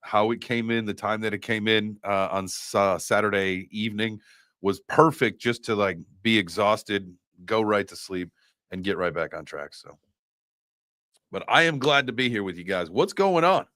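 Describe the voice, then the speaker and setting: A man's voice: lowish voice, normal speed, bright, forceful tone, no room sound, studio quality. Congested man hosting a livestream. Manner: loose, slangy and profane, with many fillers. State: congested from a broken nose. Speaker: livestream host. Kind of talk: casual livestream chat.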